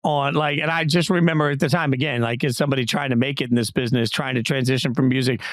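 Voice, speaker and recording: A man's voice: medium pitch, fast, no echo. A middle-aged man hosting a sports podcast, telling stories in casual chat with playful jumps in his voice. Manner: animated storyteller, playful voice jumps. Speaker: podcast host.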